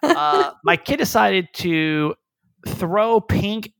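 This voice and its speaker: A woman's voice: lowish voice, sing-song, extremely slow, fairly bright tone, no echo. A woman in her thirties hosting a casual podcast, reading listener messages and laughing along. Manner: upbeat, laughs while reading. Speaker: podcast host.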